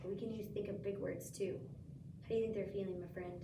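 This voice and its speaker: A woman teacher reading a picture book aloud to a child, asking gentle questions and giving the characters lively voices. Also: medium pitch, fast talker, background noise. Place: school room. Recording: echoey room, mic from far off.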